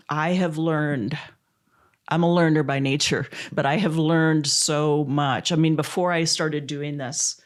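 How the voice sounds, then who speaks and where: A middle-aged woman from Missouri with a deep voice tells a story during an interview. She's a volunteer advocate, and she laughs often while coming close to tears.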